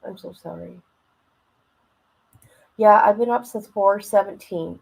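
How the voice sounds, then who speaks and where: A woman's voice: mid-range voice, slow, creaky, husky, poor audio. A woman hosting a casual livestream from home on her phone, rambling and emotional as she talks to her chat. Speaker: livestream host.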